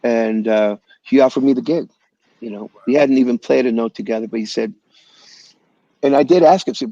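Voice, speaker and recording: A guest musician at home in the Los Angeles area spins animated, slangy stories in a relaxed interview, calling people "man" and "bro." His middle-pitched voice is a little fast and creaky, coming through a muffled, lo-fi video call that sounds dry and close.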